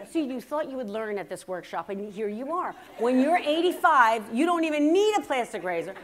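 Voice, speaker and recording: A woman in her fifties with a fairly high voice speaks from a workshop stage. Her delivery is chatty and self-deprecating, full of comic asides. At times she slows into earnest reflection. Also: expressive. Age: 50s. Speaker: keynote speaker. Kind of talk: humorous storytelling speech. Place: stage at a writers' workshop, before a live audience.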